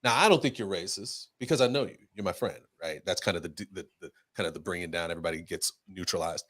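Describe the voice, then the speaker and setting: A man's voice: sits low, fast talker, fairly bright tone, dry recording, clean studio sound. A man co-hosting a casual panel talk, telling a story and acting out both sides of the dialogue. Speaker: co-host.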